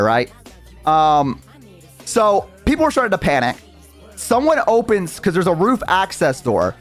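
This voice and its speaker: A young male streamer telling a story in a loose, rambling way, full of fillers and casual swearing. His voice sits a bit high and swoops around a lot. Faint music plays behind him. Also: sing-song, measured pace, a bit bright.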